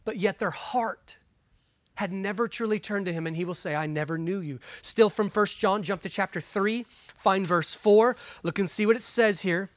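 An earnest pastor delivers a sermon, reading scripture and steering listeners from one passage to the next. The voice sits at a middling pitch, pressing hard on key words and falling quiet for asides. The recording is dry and close, with no room sound. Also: normal speed, dry recording. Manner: earnest, emphatic, shifts between loud stresses and quiet asides; guides listeners through Bible passages.

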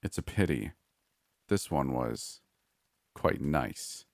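A man voicing a cruel, smug man who holds a captive, speaking calmly and condescendingly in a scripted horror story. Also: a bass voice, takes it slowly, gravelly, no echo, clean studio sound, voice pushed down, heavily acted. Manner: calm, cold, condescending.

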